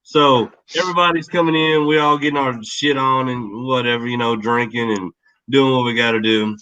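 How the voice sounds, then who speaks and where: A man tells a loose, rambling party story, easygoing and full of curses. His pitch is middling. The audio is muffled and lo-fi. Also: steady tone, normal speed, sharp tone, smooth. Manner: laid-back, rambling, profane. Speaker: guest. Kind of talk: casual storytelling chat.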